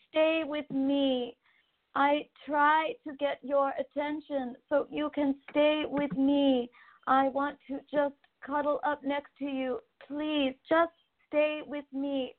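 A woman giving voice to a pet cat that speaks to its owner in a gentle, repetitive, pleading way, as a channeled message over a phone-like line. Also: high voice, flat delivery, slow, pitched above the performer's own voice. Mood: tender.

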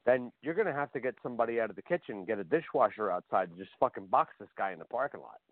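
A man's voice: medium pitch, animated, very fast, no echo. A man co-hosting a talk show, chatting casually and bluntly with lots of swearing. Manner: blunt and profane. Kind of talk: casual chat. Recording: tinny phone line.

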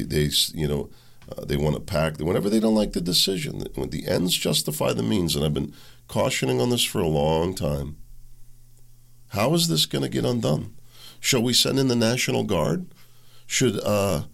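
A man's voice: rumbling low, creaky, fairly bright tone. A man hosting his own show, delivering an indignant, sarcastic political rant. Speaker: podcast host. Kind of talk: political commentary monologue.

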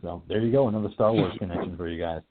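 A man's voice: low-pitched, racing. Man hosting over a tinny line. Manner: joking, profane banter. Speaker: podcast host. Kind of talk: casual chat. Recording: tinny phone-like online radio.

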